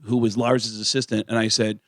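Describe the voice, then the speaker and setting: A man's voice: on the low side, a little fast, no echo, studio quality. A man who is a comedian, a guest on a radio show, telling stories casually and acting out the voices of others. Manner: animated storyteller who acts out the voices of others. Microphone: studio microphone.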